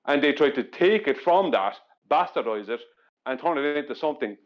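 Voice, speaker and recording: A man's voice: a little high, expressive, brisk, lo-fi sound. A man in a live stream discussion, explaining a point earnestly with frequent restarts and repeats.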